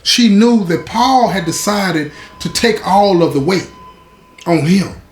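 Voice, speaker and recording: A man's voice: high-pitched, lively intonation, slow pace. A man telling a story in a casual, conversational way, speaking directly to his listeners. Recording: roomy echo.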